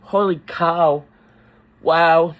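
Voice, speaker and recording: A man vlogging about family loss, talking in a halting, heartfelt way with many pauses and fillers. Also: a little high, fairly even intonation. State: emotional, close to tears. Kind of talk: personal vlog confession.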